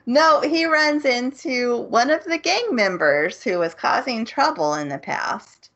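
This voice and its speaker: A woman co-hosting a podcast, recapping a show's plot in a casual, animated way and acting out the characters' lines. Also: a little high, unhurried. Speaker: podcast co-host. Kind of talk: casual chat. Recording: muffled lo-fi audio.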